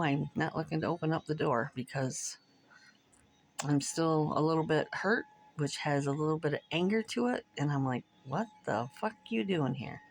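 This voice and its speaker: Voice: mid-range voice, gravelly, a little hiss or hum. A middle-aged vlogger chatting casually over coffee, frank and profane, rambling and laughing between thoughts.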